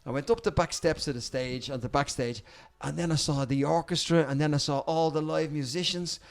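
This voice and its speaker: A fast-talking Irish man spins a cheeky anecdote on a podcast, swearing freely. His voice sits a little high for a man. He barrels through his stories with plenty of energy. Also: steady tone, creaky. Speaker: guest. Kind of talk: casual anecdote telling.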